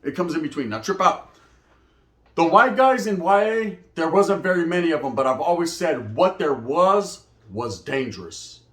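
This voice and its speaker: A man telling prison stories in casual slang, animated, often acting out quoted voices. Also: on the high side, moderate pace. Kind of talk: casual storytelling monologue. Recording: echoey room.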